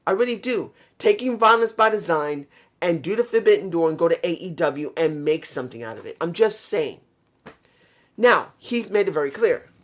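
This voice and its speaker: A man giving a casual, opinionated review monologue. He rants bluntly, swears freely, and has a worn voice he calls messed up. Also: on the high side. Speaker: show reviewer.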